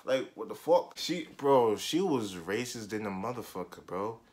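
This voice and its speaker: A young man telling a story from his school days in a casual vlog, animated and full of slang and swearing, jumping between loud outbursts and muttered asides. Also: lowish voice, moderate pace.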